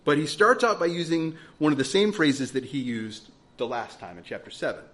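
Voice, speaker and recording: A male pastor preaching with a lively, swooping delivery. His voice sits a little high for a man, and he leans hard on rhetorical questions. He sounds earnest and emphatic throughout. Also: moderate pace. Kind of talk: sermon.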